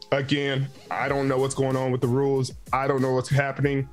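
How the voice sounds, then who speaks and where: A man's voice: medium pitch, steady tone, moderate pace, few pauses, soft background music. A man in his thirties hosting a casual sports podcast, bantering with a playful, mock-exasperated manner. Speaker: podcast host.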